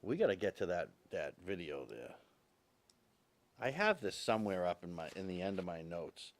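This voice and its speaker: A man's voice: low-pitched, very animated, normal speed. A man hosting a talk show, delivering an opinionated monologue straight to his viewers and repeating his points for emphasis.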